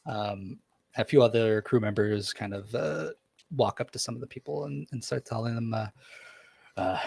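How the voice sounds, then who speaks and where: A man's voice: medium pitch, moderate pace, creaky, a little mellow, breathy edge, no room sound. A young man narrating as dungeon master in a tabletop game, describing scenes loosely with many fillers.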